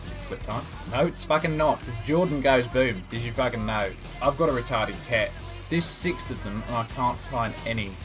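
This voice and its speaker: A man's voice: mid-range voice, moderate pace. Young man, rowdy sweary gamer banter, impressions, faint music behind. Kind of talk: comic impressions over gameplay commentary.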